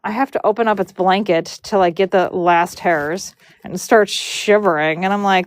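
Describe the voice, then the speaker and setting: A woman's voice: mid-range voice, normal speed, dry recording. Chatty woman telling a story on a live stream. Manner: chatty, rambling, lots of fillers and restarts.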